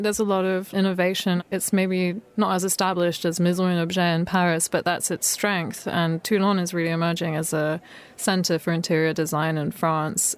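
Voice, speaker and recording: A woman co-hosting a radio show in a studio, speaking in an easygoing way with small fillers. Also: on the low side. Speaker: radio co-host.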